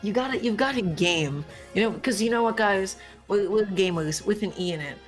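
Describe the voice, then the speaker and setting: A young woman doing live esports commentary in a playful, excitable, jokey way. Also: mid-range voice, normal speed, faint music behind.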